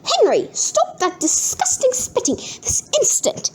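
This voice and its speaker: Strict storybook mother, read by a woman: scolding, bright and high. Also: wildly swooping pitch, measured pace, full character voice. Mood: stern.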